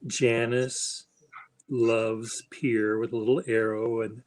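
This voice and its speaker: A man's voice: medium pitch, level tone, slow pace, a little mellow, poor audio. A man hosting a live chat stream, talking in a rambling, playful, teasing way. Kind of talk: casual livestream chat.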